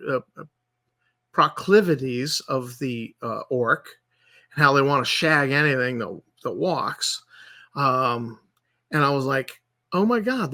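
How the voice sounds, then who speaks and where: Forceful, exasperated man ranting. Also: medium pitch. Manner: exasperated, sarcastic, repetitive. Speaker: channel host. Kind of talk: ranting commentary.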